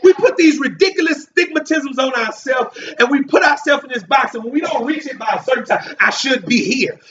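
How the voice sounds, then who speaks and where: A man preaches with a very high voice that climbs into shouts on key lines and calls for answers back. He sounds distant from the mic. The recording is dull and lo-fi. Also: expressive, fairly quick, slight background noise. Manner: call-and-response preaching, shouting emphatic lines. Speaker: pastor. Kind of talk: sermon.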